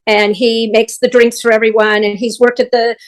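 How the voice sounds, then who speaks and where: Older woman, stage-manager guest, slightly high pitch, lively storyteller who acts out the dialogue. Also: normal speed. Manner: animated, acts out other people's lines. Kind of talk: anecdotal storytelling in casual chat.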